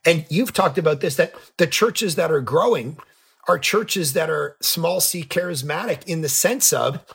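A middle-aged man, a pastor and author, telling a story as a podcast guest, lively and jumping in pitch when he acts out scenes. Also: unhurried, gravelly, breathy edge. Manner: animated, jumps pitch when acting out scenes. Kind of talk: casual storytelling in an interview.

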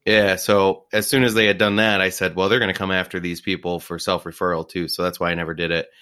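A man's voice: deep voice, level tone, fast talker, pushed and bright, clean tone. A man co-hosting a podcast, chatting casually and giving his opinions. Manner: conversational, opinionated. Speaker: podcast co-host. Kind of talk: casual chat.

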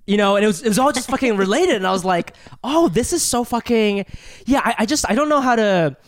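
A man chatting as a podcast co-host in a lively, expressive voice that rises and falls widely. He swears freely and trips over his words when excited. The sound is dry and close, with no room around it. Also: high-pitched, fast talker, no echo. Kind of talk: casual podcast chat.

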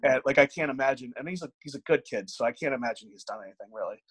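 Very fast and husky at a medium pitch, a bodybuilding coach rattles off candid anecdotes on a casual podcast, swearing freely and performing the dialogue. The recording is rough, with no room sound.

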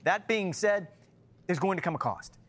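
A man's voice: high-pitched, animated, normal speed. A man analysing golf on a sports discussion show, frank and emphatic in his opinions.

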